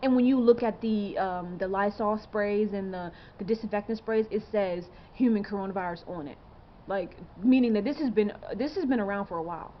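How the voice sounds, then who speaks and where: Speaking briskly in a medium-pitched voice, a woman in her twenties vlogs directly to camera, rambling earnestly with plenty of fillers and rhetorical questions. The audio has its highs cut off and a little hiss or hum.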